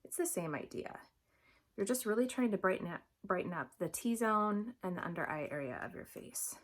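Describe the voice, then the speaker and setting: A woman's voice: medium pitch, lively intonation, normal speed. A young adult woman talking through a makeup tutorial in a chatty, upbeat, instructive way. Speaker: makeup vlogger.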